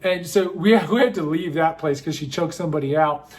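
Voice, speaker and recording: A man's voice: fairly high pitch, fairly quick. A man in his thirties telling a comic true story about himself, wry and self-mocking, rambling with fillers.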